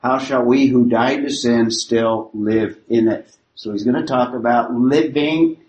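A man teaching a Bible class, measured and emphatic, restating each point several times. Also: mid-range voice, darkish tone. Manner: measured, emphatic, with frequent paraphrase and repetition. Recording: echoey room with light background noise.

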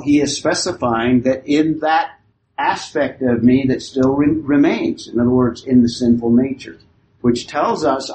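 A man teaching a Bible class in a measured, explanatory way, pausing to restate each point. His voice sits at a middling pitch. A faint hiss runs under the recording. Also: a little mellow, rough recording.

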